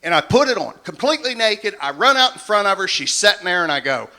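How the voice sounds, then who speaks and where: Stand-up comic in his fifties, folksy and self-mocking, bright and bouncy delivery, club stage mic. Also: sits high, sing-song, quick pace, hardly any pauses. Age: 50s. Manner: folksy storytelling, self-deprecating. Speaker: stand-up comedian. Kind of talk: stand-up comedy set.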